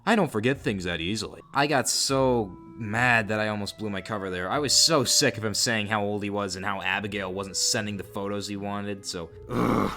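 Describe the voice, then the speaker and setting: A man narrating a story to his viewers in a casual, animated way with exasperated asides. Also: on the low side, moderate pace, few pauses, soft background music. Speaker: YouTube storyteller.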